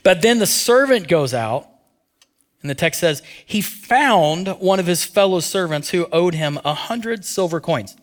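Preaching with a somewhat raised pitch and lively intonation, this pastor chats with his congregation and keeps posing questions to them. He speaks a little slowly, sinking almost to a whisper on the important phrases.

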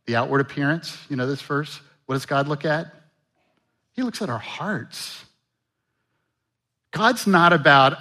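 Bright-voiced male pastor preaching. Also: on the high side, measured pace, pauses often. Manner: animated, acts out Bible voices, rhetorical questions. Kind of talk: sermon.

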